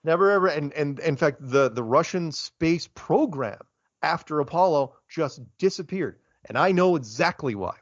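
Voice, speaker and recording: A man, a guest in a casual interview, talking in an animated, rambling way and getting worked up. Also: a little high, measured pace, no room sound. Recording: dull lo-fi, dry sound.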